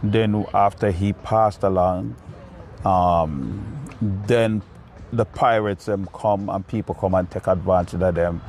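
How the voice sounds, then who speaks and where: A man's voice: sits low, fairly even intonation, takes it slowly, a little mellow, soft background music. A man with a Jamaican accent, an interview guest telling stories outdoors in a reflective way. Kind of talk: storytelling interview answers.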